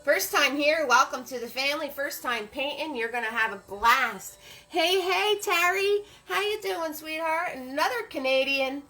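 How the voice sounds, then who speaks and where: A woman's voice: sits high, expressive, normal speed, pushed and bright, soft background music, rough recording. A woman hosting a live-streamed painting class, upbeat and greeting viewers by name as they join.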